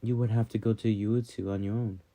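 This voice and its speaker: A proud wolf goddess in the shape of a young woman, dry and teasing in her measured audiobook lines, voiced by a man. The voice sits low and sounds very dark and mellow. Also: level tone, close to an everyday voice. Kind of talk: audiobook character reading.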